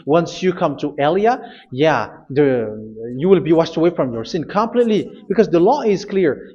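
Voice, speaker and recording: Male preacher, high-ish voice, forceful repeated commands, dull lo-fi audio. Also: animated, moderate pace. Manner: emphatic, repetitive commands with hesitations. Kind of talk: sermon.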